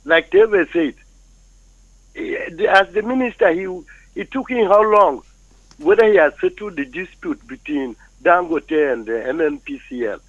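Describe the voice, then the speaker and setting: A man with a Nigerian accent calling in, arguing his views forcefully with some teasing. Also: on the high side, expressive, normal speed, no room sound. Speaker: phone-in caller. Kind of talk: call-in opinion. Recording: dull dry phone line.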